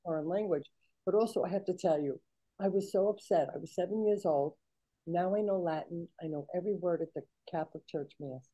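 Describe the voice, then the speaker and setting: An older woman with a very dark, mellow voice and a slightly low pitch. She tells her stories in a lively, chatty way and acts out the people she quotes. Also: brisk, dull audio. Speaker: guest. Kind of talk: casual storytelling chat.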